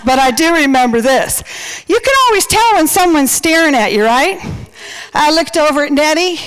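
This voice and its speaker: Breathless high-voiced woman telling church stories. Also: rough recording. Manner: storytelling with playful quoted voices. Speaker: wedding speaker and church singer. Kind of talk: humorous wedding toast.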